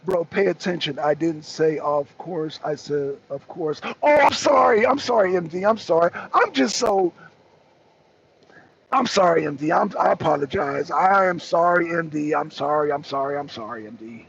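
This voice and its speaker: A man hosting a political talk show, excitable and argumentative, pressing his co-host with repeated questions. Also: fairly high pitch, normal speed, gravelly, a little hiss or hum. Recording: dull lo-fi recording.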